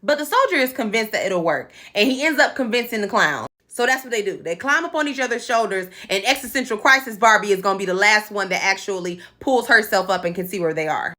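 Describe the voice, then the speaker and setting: A woman hosting a comedic recap, sassy and animated, acting out the characters' lines as she tells the story. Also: medium pitch, fast talker, hardly any pauses. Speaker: podcast host recapping an episode.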